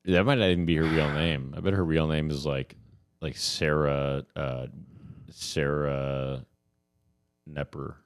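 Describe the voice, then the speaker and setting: Male podcast co-host, extremely low voice, rambling jokey banter. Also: fairly even intonation, unhurried, clean tone. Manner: rambling, jokey, frequent restarts. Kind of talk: casual comedy chat.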